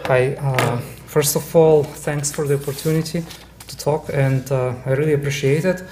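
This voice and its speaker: Halting man giving a club talk. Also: fairly high pitch, steady tone, noisy background. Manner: halting, many fillers and restarts. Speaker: club presenter. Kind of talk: casual club presentation. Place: club meeting room.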